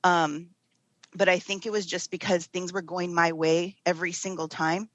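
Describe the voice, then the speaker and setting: A woman's voice: on the low side, level tone, normal speed, fairly bright tone, no room sound, muffled recording. A woman in her thirties, a guest on a podcast, speaking candidly and at length with laughs between thoughts. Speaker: guest, TV producer and mother. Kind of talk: casual interview chat.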